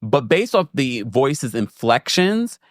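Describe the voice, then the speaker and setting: Animated man recapping reality TV. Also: slow pace, no echo, studio quality. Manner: animated, jumps into high mocking voices when quoting people. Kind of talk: casual recap commentary.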